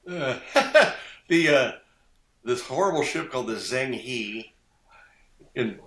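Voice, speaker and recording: An older man telling stories in a casual podcast chat, animated and quick to laugh, acting out the voices of the people he quotes. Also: mid-range voice, roomy sound. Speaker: guest designer.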